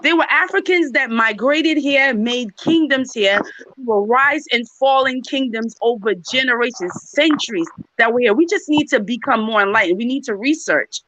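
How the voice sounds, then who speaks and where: A woman's voice: a little high, normal speed, a bit bright, no echo. A woman, talking emphatically and directly to her viewers in a casual chat. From New York. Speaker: channel host. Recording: dry, dull lo-fi sound.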